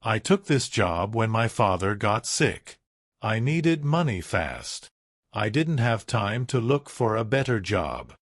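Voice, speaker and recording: A man's voice: fairly low pitch, sing-song, slow pace, no room sound, studio quality, full character voice. A man reading an earnest young cleaner. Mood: soft, sincere. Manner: soft, sincere pleading.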